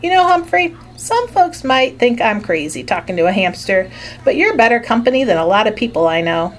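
A woman's voice: on the high side, big pitch swings, brisk, slight background noise. A woman voicing a cheerful, friendly male janitor with a hearty, upbeat way of talking, for a storybook.

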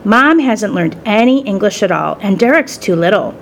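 A woman reading a storybook and voicing a shy young schoolgirl who talks in a hushed, half-whispered way. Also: mid-range voice, animated, moderate pace, a little hiss or hum, lightly acted. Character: shy young schoolgirl, soft-spoken and earnest.

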